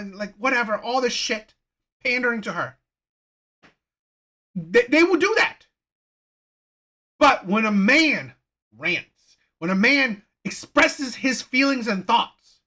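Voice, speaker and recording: A man's voice: sits high, sharp tone. A man hosting a reaction channel, ranting heatedly with frequent profanity and repeated phrases. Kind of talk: reaction commentary rant.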